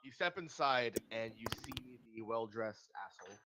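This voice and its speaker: A man's voice: medium pitch, normal speed, noisy background. A man narrating a tabletop game as game master in a casual, hesitant way with many fillers.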